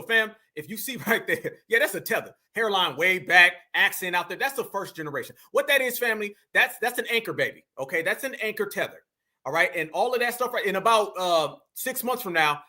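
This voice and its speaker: A man's voice: sits high, pushed and bright. A man hosting an online commentary, talking preachily and addressing viewers as family. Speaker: commentary host.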